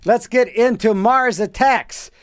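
A man's voice: very high-pitched, takes it slowly, smooth, no room sound, studio quality. A man hosting a radio music show, rambling and joking between songs, mock-reading announcements. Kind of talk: casual radio patter.

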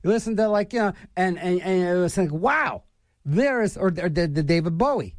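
A middle-aged male radio DJ rambles on air with a high, lively voice that swoops up and down. He restarts his sentences and piles on fillers. The sound is close and dry. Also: a little fast, dry recording. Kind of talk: casual on-air DJ chat.

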